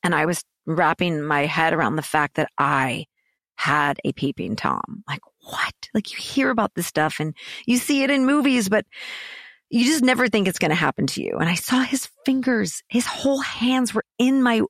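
A woman's voice: low-pitched, sing-song, normal speed, a bit bright, no echo, studio quality. A woman guest on a podcast telling a personal story in an emotional way, her voice climbing when agitated and dropping to whispers.

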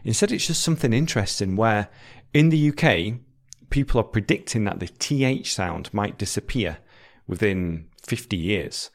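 A British man, an English teacher, explaining words and repeating example sentences slowly and clearly for learners. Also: fairly low pitch, lively intonation.

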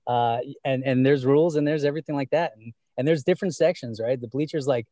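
Rambling man with a mellow voice. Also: mid-range voice, fast, no room sound. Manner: rambling, many fillers and restarts. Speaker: fan guest. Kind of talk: casual conversation.

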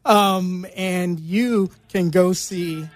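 A woman's voice: fairly low pitch, extremely slow. Casual woman radio DJ. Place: radio studio.

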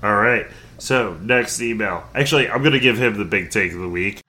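A man's voice: lowish voice, brisk, sharp tone. A man hosting a casual podcast, reading listener emails aloud with lots of fillers and jokes.

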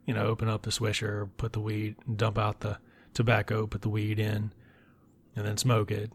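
Low-voiced man, blunt and profane. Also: completely flat delivery, moderate pace. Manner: blunt and profane, with breathy whispered asides. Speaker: film reviewer. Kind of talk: casual film recap commentary.

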